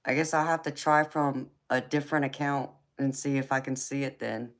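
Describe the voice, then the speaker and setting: A woman's voice: a bass voice, fairly even intonation, normal speed. A woman chatting with viewers on a live tarot stream, teasing and folksy, laughing often. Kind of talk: casual live chat with viewers.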